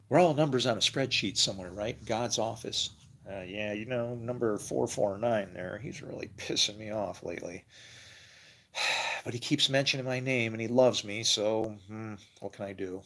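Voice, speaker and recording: A man's voice: lowish voice, moderate pace, a bit bright. A man talking casually to his viewers about faith, rambling and laughing often as he thinks aloud. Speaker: religious video creator. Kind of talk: casual monologue to camera.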